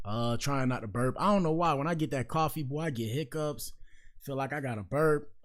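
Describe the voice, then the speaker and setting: Casting note: male podcast host, weary and laid-back, loose slang, rambling asides, mid-pitched. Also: fairly quick. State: tired. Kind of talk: casual commentary on news clips.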